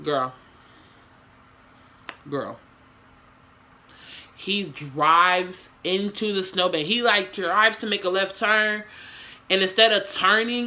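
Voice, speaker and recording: Bright-voiced young woman telling a story. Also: mid-range voice. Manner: slangy, swearing, dramatic retelling with lots of asides. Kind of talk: casual storytime chat.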